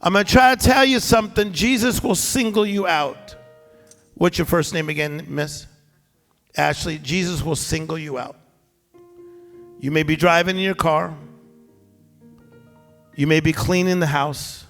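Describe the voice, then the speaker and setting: A middle-aged man preaches in a fiery, shouting style, pushing the congregation to answer him back. His voice sits high and rings out with a long hall reverb while a band plays softly behind him. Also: unhurried, long pauses. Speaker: pastor. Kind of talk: sermon. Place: church with live band and congregation. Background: band music.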